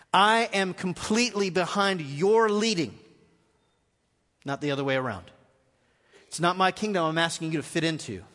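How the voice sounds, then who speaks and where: Male pastor, earnest live sermon, fairly high voice, long hall echo. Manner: earnest, shifts between quiet reading and raised exhortation. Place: large church hall.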